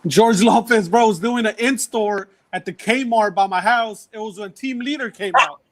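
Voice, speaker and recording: A man's voice: sits high, moderate pace. A man on a comedy podcast telling a story in casual chat, full of slang and calling the others bro.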